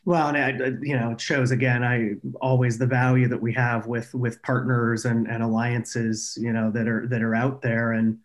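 A man's voice: medium pitch, flat delivery, moderate pace, hardly any pauses. A man hosting a podcast interview in an upbeat, chatty way, often restarting his sentences. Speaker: podcast host. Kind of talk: conversational interview.

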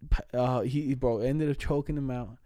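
Dark-voiced, slangy young man. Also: mid-range voice, steady tone, normal speed, dry recording, studio quality. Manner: slangy, laughing storyteller, swears a lot. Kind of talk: casual chat.

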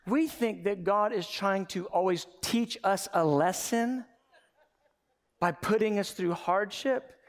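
Male pastor, gravelly and fairly high, animated sermon delivery with humor. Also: long reverb tail. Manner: animated, humorous preaching with quick asides.

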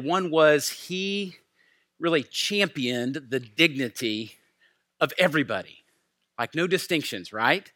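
A man's voice: fairly high pitch, bright, forceful tone. A man preaching a sermon in an earnest, heartfelt storytelling way. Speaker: pastor.

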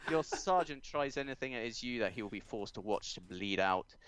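A man voicing a menacing armed male criminal, loud and taunting, in a comic fan-fiction reading. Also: mid-range voice, expressive, fairly quick, clear, resonant tone, dry recording, natural voice. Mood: gloating.

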